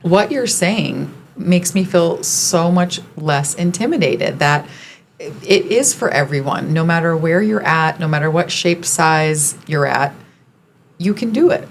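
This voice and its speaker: Enthusiastic woman co-host, lowish voice, faint background hiss. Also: measured pace. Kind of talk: casual podcast interview.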